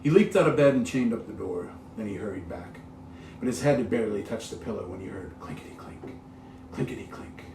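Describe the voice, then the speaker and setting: A man's voice: on the low side, expressive, brisk, vocal fry, mellow. A man reading a ghost story aloud, dramatic and full of sound-effect words. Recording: roomy, distant mic with faint hiss.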